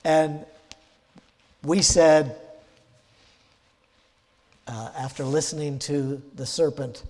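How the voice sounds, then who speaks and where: A man's voice: mid-range voice, takes it slowly, pauses often, in a large hall. A man preaching an earnest sermon as pastor, building to emphatic quoted passages and often restarting his phrases.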